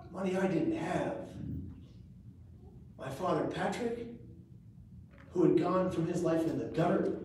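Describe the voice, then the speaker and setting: A man giving a live speech at an event, telling a personal story with dramatic swings between loud and hushed delivery. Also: fairly high pitch. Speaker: motivational speaker. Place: event venue, indoors. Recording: echoey room recording from far off, faint hiss.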